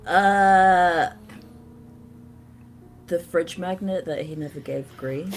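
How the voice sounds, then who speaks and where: A woman's voice: lowish voice, slow pace, faint music behind, low-quality recording. A woman playing a tabletop game, hesitant and listing things with many ums. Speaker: player. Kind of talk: tabletop role-play, casual chat.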